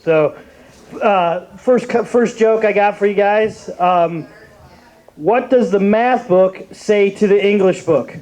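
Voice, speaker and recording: A man's voice: high voice, slow pace, darkish tone, rough recording. A young man from Cleveland doing a rambling open mic stand-up set, full of fillers and restarts. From Cleveland, Ohio.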